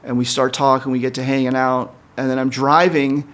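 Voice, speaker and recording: A man co-hosting a podcast, telling a long story in casual, profane chat with many fillers. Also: a little fast. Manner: animated, jumps up in pitch when quoting people. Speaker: podcast co-host.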